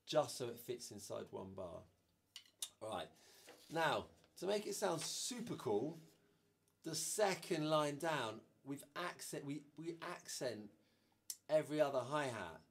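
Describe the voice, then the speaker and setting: A man teaching a drum lesson, casually explaining a groove and counting the beats out loud. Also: a little high, a little slow, gravelly, slight background noise. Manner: relaxed, counts beats aloud.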